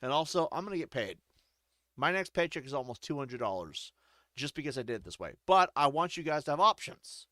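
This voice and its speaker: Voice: medium pitch, animated, brisk, sharp tone, no room sound. Crude, joking gameplay streamer. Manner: crude, joking, frequently laughing. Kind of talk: casual gameplay commentary.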